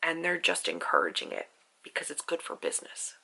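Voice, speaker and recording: A young woman rambles through her feelings about a book in a casual vlog, full of fillers and worry. Her voice sits low with a gravelly fry. It has a bright, tense edge. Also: big pitch swings, brisk, poor audio. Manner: emotional, rambling reactions with many fillers. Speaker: author and book vlogger.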